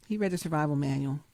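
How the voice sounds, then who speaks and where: A woman's voice: sits low, creaky, mellow, no echo. A woman hosting her show, giving emphatic, preachy commentary with frequent laughs. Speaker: host.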